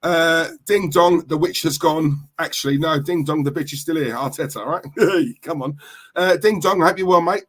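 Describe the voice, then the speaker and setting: A man's voice: on the high side, normal speed, a bit bright. A man with a London accent hosting a casual football live stream, chatty and full of slang as he greets viewers in the chat. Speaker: football livestream host.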